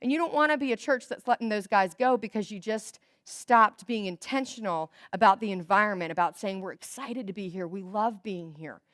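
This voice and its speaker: A young adult woman giving a chatty, animated storytelling talk to church volunteers, acting out bits of dialogue. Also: medium pitch, brisk, hardly any pauses, dry recording, clean studio sound. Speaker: guest speaker at a church volunteer event. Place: church hall.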